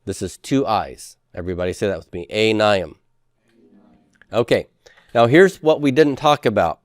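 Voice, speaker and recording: A man's voice: lowish voice, expressive, fairly quick, no echo. A man teaching a class in a lecture style, explaining step by step and often checking with the students. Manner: explanatory, asks checking questions, frequent fillers.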